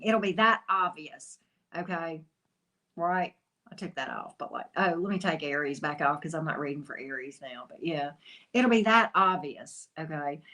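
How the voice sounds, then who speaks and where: A woman's voice: fairly low pitch, a bit bright. Chatty woman greeting her viewers. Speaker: tarot reader and channel host. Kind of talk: casual livestream chat with viewers.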